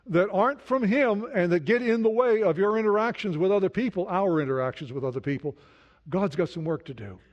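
A man preaching a sermon in an earnest way, dropping to a soft hush when he speaks prayers. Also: sits high. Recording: dull lo-fi sound.

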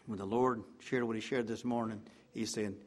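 A man preaching a sermon with fervor, repeating "I tell you what" and swinging from loud emphatic peaks to low hushed passages. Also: steady tone, a little fast.

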